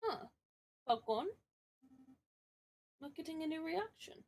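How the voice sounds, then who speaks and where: A woman's voice: very high voice, animated, slow, darkish tone, full character voice. A woman voicing an eager young male assistant who reports findings plainly, while reading a game aloud. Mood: matter-of-fact.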